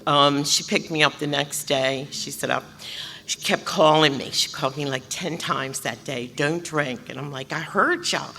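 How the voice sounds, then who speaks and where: A woman tells her recovery story with a bright, forceful voice, acting out voices and laughing as she goes. Her tone sits a bit low for a woman. She is heard in a large hall with a long echo and faint room noise behind her. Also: moderate pace, vocal fry. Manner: animated, acts out voices and laughs often. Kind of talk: personal storytelling at a recovery convention.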